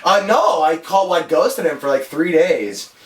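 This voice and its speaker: A man's voice: fairly high pitch, expressive, moderate pace, reverberant. A man guest on a podcast telling a story in casual chat, swearing freely and laughing often. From Alaska.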